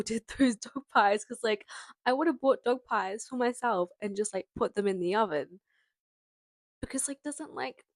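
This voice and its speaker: A woman's voice: medium pitch, dry recording, poor audio. A young Australian woman rambling through a casual storytelling vlog into a small mic, full of filler words. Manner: rambling, chatty, many fillers. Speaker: vlogger. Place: parked car. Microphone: small handheld mic.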